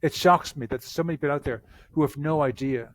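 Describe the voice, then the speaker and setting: A man's voice: on the high side, fast talker, no echo. A man, a therapist answering podcast interview questions in an earnest way, often repeating words as he starts a sentence.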